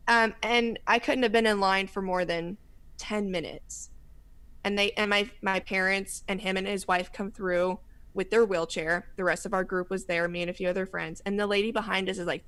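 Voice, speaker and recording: A young woman co-hosting a podcast, telling stories in a casual, animated way with lots of fillers. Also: medium pitch. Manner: animated storytelling with many fillers. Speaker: podcast co-host. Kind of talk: casual chat.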